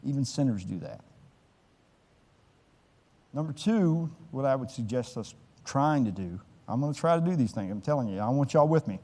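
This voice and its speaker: A man preaching to his congregation in a relaxed, conversational way, telling folksy stories. His voice sits at an ordinary middle pitch. It rings out with the long reverb of a church sanctuary. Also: brisk. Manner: conversational, folksy storytelling with lively quoted voices. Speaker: pastor. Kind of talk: sermon.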